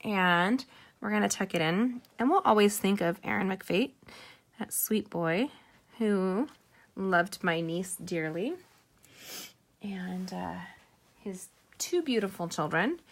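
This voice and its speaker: Woman, middle-aged, card-making instructor, live craft tutorial, chatty, rambling asides, mid-pitched. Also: expressive, takes it slowly, long pauses.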